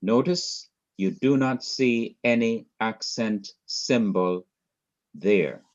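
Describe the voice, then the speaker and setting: Slow, methodical male teacher. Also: on the low side, darkish tone, muffled recording. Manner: methodical, repeats points and quizzes the student. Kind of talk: class lecture.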